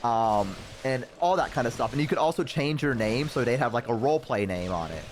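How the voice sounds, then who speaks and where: A man streamer telling a role-play game story in rambling, animated casual chat. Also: mid-range voice, brisk. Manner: animated, rambling, full of "like" fillers.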